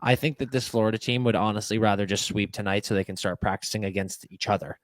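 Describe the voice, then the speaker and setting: A young man co-hosting a casual sports podcast, talking fast and heated with frequent restarts and swearing. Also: fairly low pitch, dry recording. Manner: animated, swearing, quick restarts. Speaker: podcast co-host. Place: podcast studio.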